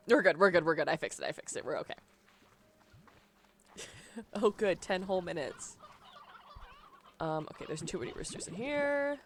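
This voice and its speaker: A young adult woman live-streams a game, chatting and rambling casually and often bursting into laughter. Her fairly low voice has lively intonation and a moderate pace with long pauses, and there is a little hiss or hum.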